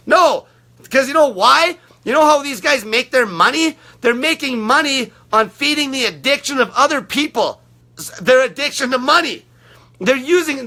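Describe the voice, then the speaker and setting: A man's voice: very high voice, sharp tone. A man leading an online diet group, delivering an aggressive, profanity-filled motivational rant with lots of repetition.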